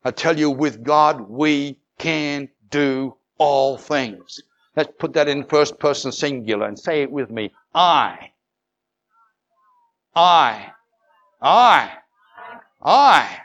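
A man preaching a sermon, moving from measured storytelling to fervent, rising proclamation with calls of hallelujah. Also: medium pitch, lo-fi sound.

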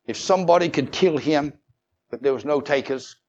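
A man preaching a sermon, moving from measured storytelling to fervent, rising proclamation with calls of hallelujah. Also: fairly high pitch, darkish tone, lo-fi sound.

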